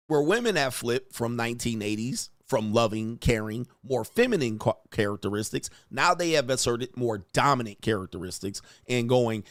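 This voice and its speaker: Male host, mid-pitch, dry close mic, mocking profane rant style. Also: expressive, fairly quick, hardly any pauses, fairly bright tone, no echo. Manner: blunt, mocking, profane, mimics voices. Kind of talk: casual commentary rant.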